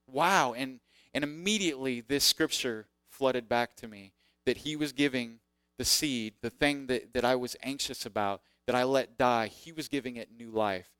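A man's voice: medium pitch, clean tone, no room sound, studio quality. A man preaching in a self-deprecating storytelling way, acting out the voices in his story. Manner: animated, acts out quoted voices. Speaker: preacher sharing testimony. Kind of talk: sermon storytelling.

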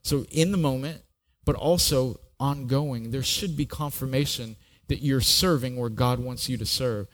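This middle-aged pastor, preaching a sermon built around his personal testimony, talks in a medium-pitched voice that's unhurried and has few pauses. Earnest in tone, he often repeats a word when opening a thought.

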